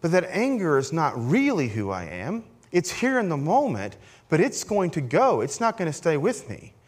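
A middle-aged man preaches in a loose, conversational way, checking in with his listeners through "right?" and poking fun at himself. His voice sits a little higher than most men's. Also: wildly swooping pitch, normal speed. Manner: conversational, self-deprecating, frequent "right?" asides. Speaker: pastor. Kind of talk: sermon.

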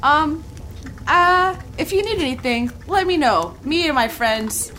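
A woman's voice: high voice, expressive, measured pace, pushed and bright, a little hiss or hum, pitched above the performer's own voice, exaggerated voice. A woman playing a chatty, overly friendly young partygoer.

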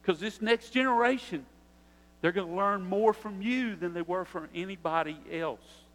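A pastor preaching a sermon, talking earnestly and conversationally and putting direct questions to the congregation. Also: male voice, high-pitched, moderate pace, fairly bright tone, long reverb tail, rough recording.

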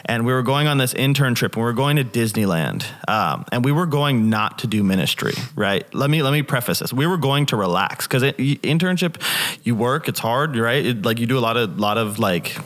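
A young man tells a personal story in a relaxed church chat. He is animated and talks loosely, full of fillers and restarts. His voice sits at an everyday middle pitch for a man. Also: fairly quick. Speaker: church member sharing a testimony. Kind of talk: casual faith discussion.

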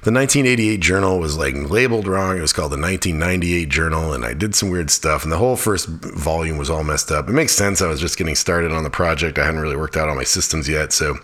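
A man's voice: a bass voice, fast talker, few pauses, fairly bright tone. A middle-aged man hosting his own podcast, rambling in a chatty, casual solo monologue and swearing offhandedly. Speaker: podcast host.

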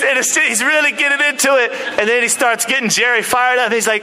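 A man preaching a sermon to his church, lively and animated, acting out quotes and movie scenes. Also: high-pitched, fairly quick, few pauses, background noise. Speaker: pastor.

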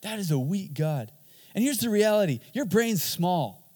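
A man with a high voice preaches with energy, mixing jokes with emphatic points. His voice rings out with a long reverb, as if in a large church hall. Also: lively intonation, moderate pace, mellow, husky. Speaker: pastor. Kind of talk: sermon.

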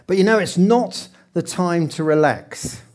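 A man's voice: high voice, unhurried, a little mellow. A man preaching a sermon in church, chatting with the congregation and putting questions to them. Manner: conversational, asks the congregation questions. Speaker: pastor. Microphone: handheld microphone.

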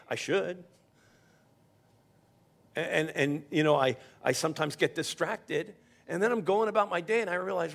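A male pastor preaching in an easy, conversational way, trading stories as he teaches from scripture. His voice sits a little high for a man and carries a gravelly edge, and he often stumbles into restarts. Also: a little fast, fairly bright tone. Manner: conversational preaching with personal stories and repeated starts. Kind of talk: sermon.

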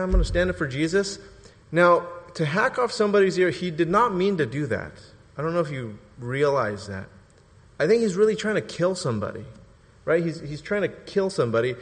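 A man preaching a sermon, telling the story in a lively, joking way and acting out quotes. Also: fairly high pitch, in a large hall.

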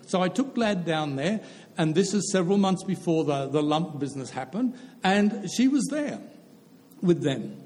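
Older male preacher, earnest testimony, slightly high voice, reverberant hall. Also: darkish tone. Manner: earnest storytelling, repeats phrases for emphasis. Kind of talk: testimony sermon.

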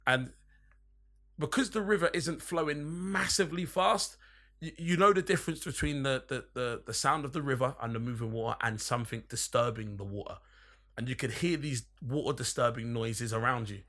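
A young man tells a rambling story in an easy, conversational way, dropping plenty of swear words for emphasis. His voice is bright and forward, with a mid-range pitch. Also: normal speed. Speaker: podcast storyteller. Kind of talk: casual anecdote telling.

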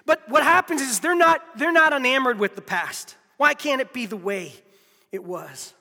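A man's voice: very high voice, moderate pace, vocal fry, bright, forceful tone, big-room sound. A man preaching a sermon, emphatic, repeating key phrases and speaking straight to his listeners. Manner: addresses listeners directly. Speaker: pastor.

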